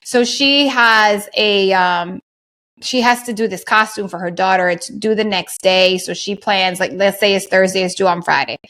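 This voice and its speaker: A woman co-hosting a casual podcast chat in a chatty, teasing manner. She explains her points through worked examples. Her voice has an ordinary middle pitch. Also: moderate pace, a bit bright. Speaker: podcast co-host.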